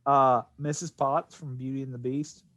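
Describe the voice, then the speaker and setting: A man's voice: mid-range voice, little pitch movement, normal speed, fairly bright tone, no room sound. A man co-hosting a casual podcast, hesitant and full of ums. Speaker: podcast co-host. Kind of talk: casual chat.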